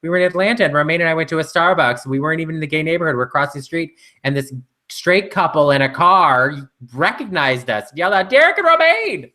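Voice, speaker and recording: A man's voice: fairly high pitch, fast, sharp tone. A man co-hosting a casual live chat show, telling stories in a rambling way with lots of fillers. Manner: rambling storyteller with many fillers. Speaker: co-host.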